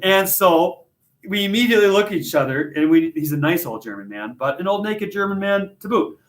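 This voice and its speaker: A man teaching a literature class, leading discussion and telling stories in a jokey, animated, self-deprecating way. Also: sits high, brisk, echoey room. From United States. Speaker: high school literature teacher.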